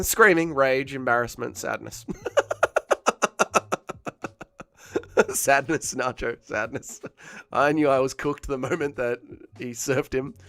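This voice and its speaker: A man's voice: a little high, bright, forceful tone, clean tone, no room sound. Crude man doing watch-along commentary. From Australia. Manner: crude, joking, reads chat aloud. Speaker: livestream host.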